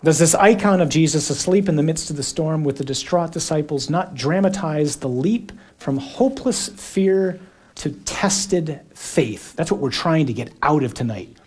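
A man preaching a sermon, shifting between quiet reflection and acted-out shouted dialogue, with dramatic pauses. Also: on the high side, expressive, husky.

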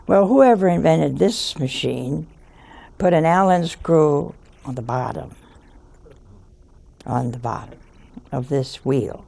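An older woman telling a story in a slow, folksy way, chuckling as she goes. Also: low voice, creaky, warm tone. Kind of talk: storytelling talk.

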